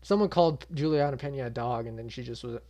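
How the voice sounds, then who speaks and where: A man's voice: mid-range voice, fast talker, dark tone. A young man hosting his own channel, giving a casual reaction recap with blunt, swearing, exasperated commentary. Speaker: MMA channel host.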